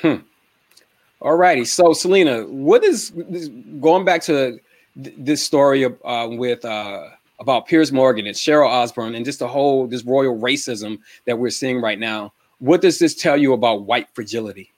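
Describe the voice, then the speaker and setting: A man's voice: medium pitch, moderate pace, no echo. Hesitant male panel host, dry sound. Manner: hesitant, many restarts and fillers. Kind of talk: casual panel discussion.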